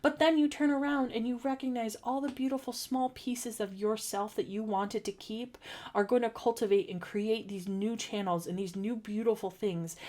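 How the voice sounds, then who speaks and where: A woman's voice: medium pitch, a little mellow. A young adult woman giving a tarot reading, talking earnestly and encouragingly with many restarts and fillers. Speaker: tarot reader.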